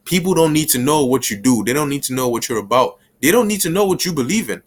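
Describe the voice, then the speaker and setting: Male Bible teacher, mid-pitched, loose street-slang delivery with acted asides. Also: lively intonation, slightly rough. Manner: casual street slang, acts out little scenes with quick voices.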